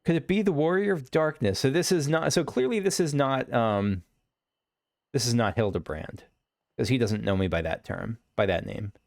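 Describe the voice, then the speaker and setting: A man's voice: mid-range voice, moderate pace, creaky, a little mellow, dry recording. A man casually commentating while playing a game, chatty and amused, thinking aloud. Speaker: let's play host.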